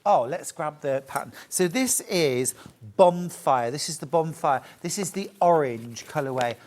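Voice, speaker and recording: A middle-aged woman with a low, darkish-toned voice hosts a live shopping channel demonstration, speaking a little slowly. She's chatty and upbeat, sprinkling in little jokes and asides as she shows off products.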